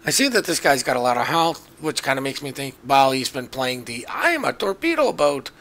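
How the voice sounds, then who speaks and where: A man's voice: medium pitch, brisk, a bit bright. A man giving casual, joking commentary over his own naval battle game footage, chatty and self-mocking. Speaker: gameplay commentator.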